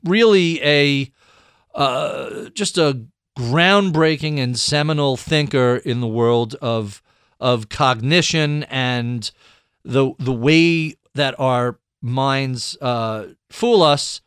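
A man's voice: fairly high pitch, fairly bright tone, clear, resonant tone, no echo, studio quality. Chatty man telling a rambling anecdote. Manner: rambling, with restarts and quoted dialogue. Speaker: podcast host. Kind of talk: casual storytelling.

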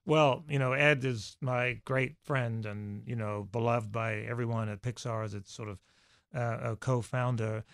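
A man with a gravelly voice talks through his answers in a halting, reflective way. His many fillers and restarts make it sound unscripted. The sound is dry and close. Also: mid-range voice, fairly even intonation, fairly bright tone, no echo. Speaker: podcast guest, former studio executive. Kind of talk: conversational interview answers.

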